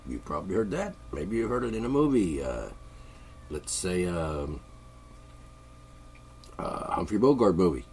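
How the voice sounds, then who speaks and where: A man's voice: deep voice, big pitch swings, a little slow, long pauses, darkish tone, slight background noise. A man with congested sinuses, delivering a sarcastic, rambling political monologue from his studio. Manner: sarcastic, mocking, chuckling. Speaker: podcast host. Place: home studio.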